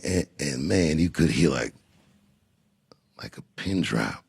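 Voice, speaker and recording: Man, very low voice, gravelly, musing comedian, unhurried storytelling, interview guest. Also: big pitch swings. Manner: unhurried, musing, with frequent restarts.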